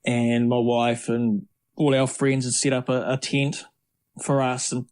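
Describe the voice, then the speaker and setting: A man's voice: mid-range voice, a little slow. Chatty New man telling stories. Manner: rambling, lively anecdotes with many restarts. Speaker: triathlete guest. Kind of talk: casual storytelling interview.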